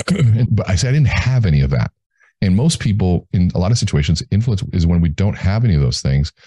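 Interview guest, male, deep voice, measured and deliberate in telling stories. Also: very animated, warm tone, slightly rough, no room sound. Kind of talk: storytelling in a podcast interview.

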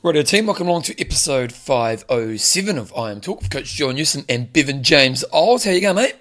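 A man with a New Zealand accent co-hosting a casual podcast, joking and chatty. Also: fairly high pitch. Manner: jokey, animated, quick asides. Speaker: podcast co-host.

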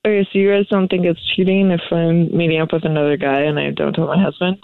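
Woman caller, embarrassed, halting, gravelly edge, phone-line sound. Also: lowish voice, fairly even intonation, no echo. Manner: hesitant, embarrassed, giggly. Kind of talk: phone call on radio show.

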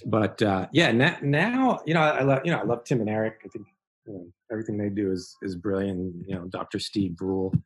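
A man's voice: on the low side, brisk, husky, rough recording. A middle-aged man, a guest artist, chatting casually and enthusiastically on a podcast and laughing often.

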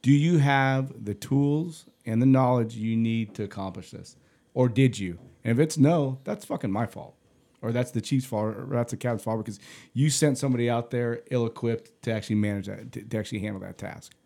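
Man, mid pitch, gravelly; blunt, emphatic, profane co-host type. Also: fairly quick, dark tone. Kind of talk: casual podcast conversation.

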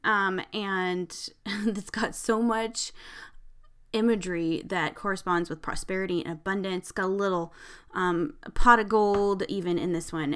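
A young woman hosts her podcast in a relaxed, chatty way. She giggles, leans on fillers, and swears casually while poking fun at herself. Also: medium pitch. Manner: swears casually, self-mocking. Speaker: podcast host. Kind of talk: casual chat, tarot card pull.

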